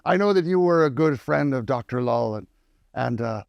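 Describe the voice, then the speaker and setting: A man's voice: medium pitch, lively intonation, normal speed, gravelly, dry recording, lo-fi sound. A man voicing a jovial male android with a pirate swagger that glitches into a formal, old-fashioned lilt.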